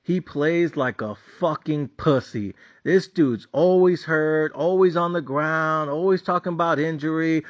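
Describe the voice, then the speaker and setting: A man's voice: a little high, measured pace, few pauses. A man hosting a sports betting channel, ranting casually and bluntly about his team with a lot of profanity. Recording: dull lo-fi sound.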